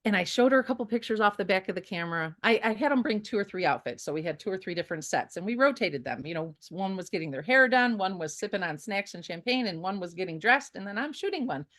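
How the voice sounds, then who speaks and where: A woman photographer, a guest on an interview show, telling stories in a casual, animated way with many fillers and restarts. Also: medium pitch, quick pace, few pauses, no echo, clean studio sound.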